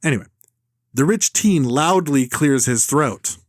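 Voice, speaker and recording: Male podcast host, casual, sarcastic, slightly high voice, dry close sound. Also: animated, unhurried, no room sound. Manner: sarcastic, critical. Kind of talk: casual chat, reading a screenplay aloud.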